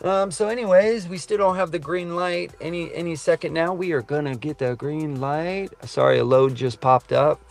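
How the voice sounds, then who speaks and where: A man's voice: fairly high pitch, moderate pace, vocal fry, few pauses, faint music behind. A middle-aged man, a trucker, chatting casually on a live stream, reading viewer comments in a rambling, earnest way. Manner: rambling, earnest, says man and brother a lot. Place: truck cab.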